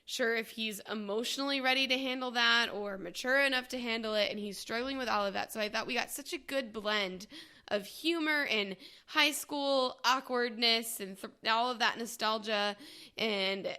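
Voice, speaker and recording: A woman's voice: on the high side, normal speed, pushed and bright, clear, resonant tone. A woman giving an enthusiastic, casual movie review in conversation. She laughs often as she talks. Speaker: co-host.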